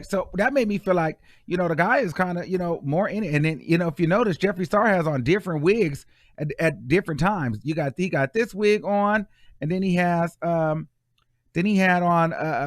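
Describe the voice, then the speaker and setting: A man's voice: high voice, no room sound, studio quality. A man hosting casual celebrity gossip commentary, chatty and full of fillers as he scrolls through posts.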